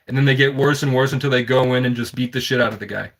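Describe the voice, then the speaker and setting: A man's voice: medium pitch, little pitch movement, very fast, few pauses, fairly bright tone. A man telling a personal story in an intense, rambling, conspiratorial monologue.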